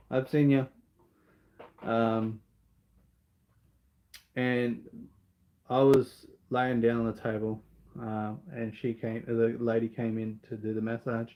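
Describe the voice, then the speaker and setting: An Australian man chats through a live question-and-answer stream, earnest and a bit rambling, often pausing on an um before restarting a thought. His voice sits at an ordinary middle pitch for a man. The sound is a little dull and lo-fi. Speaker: vlogger answering viewer questions. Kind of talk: casual live Q&A chat.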